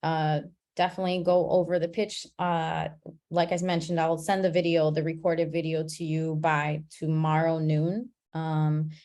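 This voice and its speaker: A woman leading an online class on a video call, talking in a relaxed, chatty way and laughing at her own slips. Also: sits low, moderate pace. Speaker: class facilitator.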